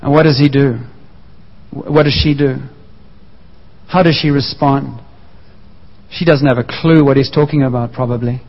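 A man preaching a sermon to a congregation, repeating key phrases and slowing down to press his points home. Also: medium pitch, steady tone. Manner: emphatic, repeats key phrases, slows for emphasis. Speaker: pastor. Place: church hall. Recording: muffled sound with long church reverb.

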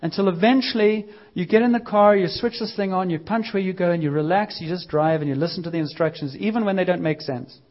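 A man preaching a sermon in a church, lively and using a prop as a visual aid. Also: high voice, fast, few pauses, highs cut off.

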